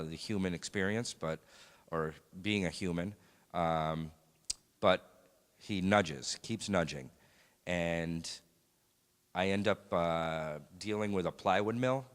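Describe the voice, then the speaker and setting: A man sharing a personal faith testimony in a church, speaking in a halting, reflective way with many pauses and fillers. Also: sits low. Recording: long hall reverb.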